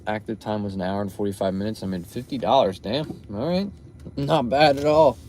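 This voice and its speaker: Inside his car late at night, a young food delivery driver vlogs to his viewers, tired and yawning after a long shift. His voice is fairly low, a little mellow, and fairly quick, with a slight hiss or hum in the recording.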